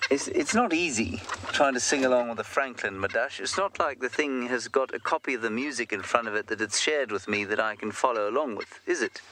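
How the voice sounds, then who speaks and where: A man's voice: mid-range voice, fairly quick, few pauses, bright, forceful tone. A man guiding a live safari broadcast outdoors, chatting in a wry, joking way. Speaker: safari guide. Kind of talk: live game-drive commentary. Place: outdoors in the bush. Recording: noisy outdoor live feed.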